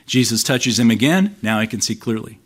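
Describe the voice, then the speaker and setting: A man's voice: medium pitch, expressive, a little fast. Man preaching a conversational sermon. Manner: conversational, explanatory, reads scripture aloud with emphasis. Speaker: pastor.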